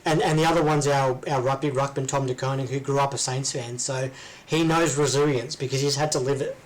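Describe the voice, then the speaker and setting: A man's voice: mid-range voice, steady tone, fairly quick, low-quality recording. An Australian man co-hosting a casual chat, rambling with lots of ums and restarts. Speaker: podcast co-host.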